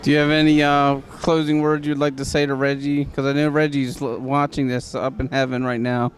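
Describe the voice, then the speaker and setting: A man's voice: mid-range voice, little pitch movement, a little fast, a little hiss or hum. A man hosting a wrestling interview, asking questions and signing off in a matter-of-fact way. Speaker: interviewer and host.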